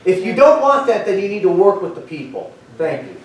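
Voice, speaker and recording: A man's voice: high-pitched, sing-song, brisk, heavy background noise. A man giving an impassioned, confrontational public comment to a county board, stumbling over and repeating his words as he presses his point. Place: county board meeting room. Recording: echoey meeting hall from far off.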